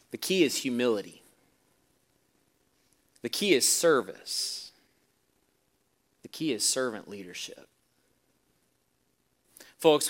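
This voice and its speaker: A man preaching to a congregation, his voice a little higher than most men's. He moves between hushed, low stretches and loud, emphatic ones, and tells stories with relish. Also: smooth. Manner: storytelling preacher, swings from quiet to loud. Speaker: pastor. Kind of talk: sermon.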